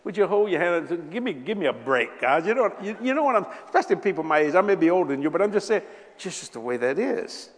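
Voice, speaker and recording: A man in his seventies preaching a sermon, telling a personal story with lots of laughter and sudden loud bursts. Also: sits high, fast. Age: 70s. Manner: animated, laughing, bursts of shouting. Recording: echoey hall.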